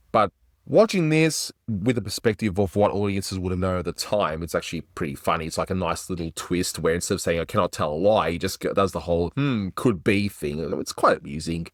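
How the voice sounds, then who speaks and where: Australian male host, deep and conversational, dry booth sound. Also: dry recording. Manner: chatty, conversational, self-deprecating. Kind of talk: casual review commentary.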